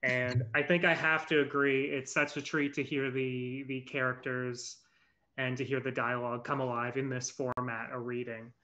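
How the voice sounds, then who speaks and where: Guy hosting an online launch, bright forward voice, lots of um and uh. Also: medium pitch, flat delivery, dull audio. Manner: friendly, halting, many fillers. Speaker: event host. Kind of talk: casual live-event hosting. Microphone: video call.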